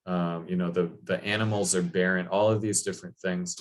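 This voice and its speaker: Deep-voiced man retelling a legend casually. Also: level tone, fairly quick, a little hiss or hum. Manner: conversational, many fillers and quoted asides. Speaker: speaker on mythology.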